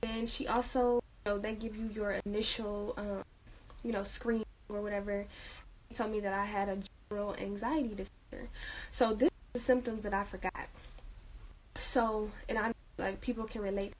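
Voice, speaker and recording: A woman's voice: medium pitch, little pitch movement, normal speed, slight background noise, rough recording. A young woman vlogging at home in a casual chat, with lots of fillers and frequent laughs, talking while she works on a craft. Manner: chatty, laughs often, many fillers.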